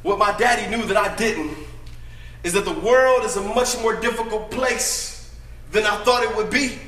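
A man performing a dramatic first-person monologue as a brash, boastful young prodigal son, emphatic and often shouting. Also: high-pitched, moderate pace, reverberant.

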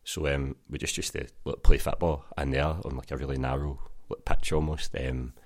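Very deep-voiced Scottish man. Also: flat delivery, normal speed. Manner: rambling anecdotes full of fillers and "mate". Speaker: podcast guest. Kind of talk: casual chat.

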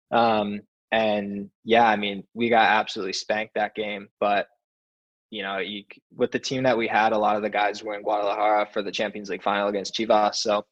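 Low, flat-voiced young man. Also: highs cut off. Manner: relaxed storytelling with many fillers. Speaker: soccer player, guest. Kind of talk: casual interview chat.

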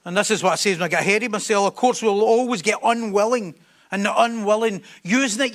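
A man with a notably high voice delivers a sermon. He speaks with emphasis and drives his points home by repeating phrases. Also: fast talker, a bit bright. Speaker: preacher.

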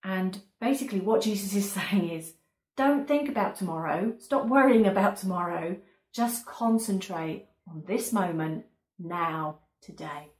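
A woman's voice: mid-range voice, measured pace. A woman preaching a sermon in an earnest, emphatic way, often repeating key words. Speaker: pastor. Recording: echoey room.

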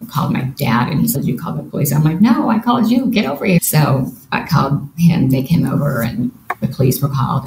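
Gravelly woman in an echoey room. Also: very deep voice, darkish tone. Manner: earnest, vivid retelling with quoted inner thoughts. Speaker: guest. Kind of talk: personal storytelling in a podcast interview. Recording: roomy echo with faint background noise.

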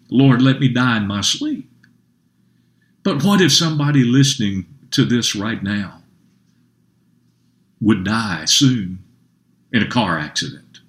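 A man pastor preaching a sermon, earnest, with rising emphasis and slowed key phrases. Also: mid-range voice. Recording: roomy echo.

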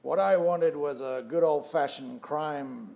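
A weary veteran actor, voiced by a man in a comedic audio play. His voice is gravelly and slow, and he hesitates and stumbles before settling into a reassuring tone. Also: on the high side, dark tone.

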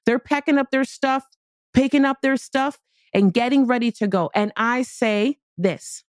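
A woman podcast host and business speaker telling a personal story in an animated, casual, slangy way. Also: fairly high pitch, unhurried, dry recording, clean studio sound. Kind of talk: storytelling motivational talk.

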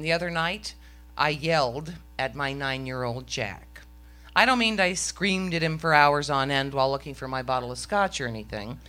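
A woman's voice: low-pitched, pushed and bright. A middle-aged woman telling a story on stage to a live audience, with a wry, self-mocking comic delivery.

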